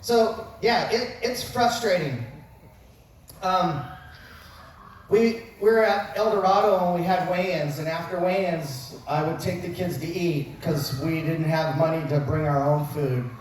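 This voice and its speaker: Joking coach in an echoey hall. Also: male voice, fairly high pitch, unhurried. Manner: joking storyteller with self-mocking asides. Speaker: wrestling coach. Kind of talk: humorous after-dinner speech. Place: large banquet hall at a dinner event. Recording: very echoey hall recorded from far off, faint noise.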